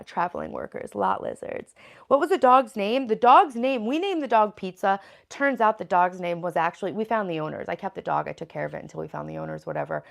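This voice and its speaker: A woman's voice: lowish voice, creaky. A woman hosting a casual livestream, chatting loosely with many fillers and reading viewer comments aloud. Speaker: livestream host.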